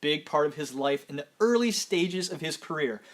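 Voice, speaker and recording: A man's voice: on the high side, lively intonation, normal speed. A man casually chatting as a podcast host, enthusiastic and rambling, with the odd swear. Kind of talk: casual chat.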